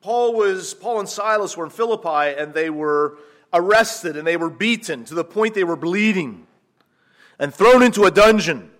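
High-voiced American preacher with lively emphasis. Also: male voice, normal speed. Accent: American, slightly mixed with South African English. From Pennsylvania, USA. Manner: conversational, rising to animated emphasis, asks the congregation questions. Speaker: missionary preacher. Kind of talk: sermon.

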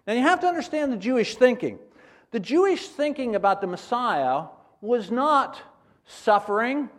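Brief: high-pitched male preacher, animated, acting out the scenes he teaches. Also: moderate pace. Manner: animated, acts out scenes in character voices. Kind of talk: sermon.

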